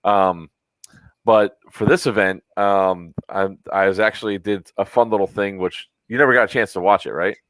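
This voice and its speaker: A man's voice: on the low side, steady tone, moderate pace, a bit bright, dry recording. A man co-hosting a podcast, chatting casually, teasing his co-host and rambling with fillers. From Florida, US. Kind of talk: casual chat.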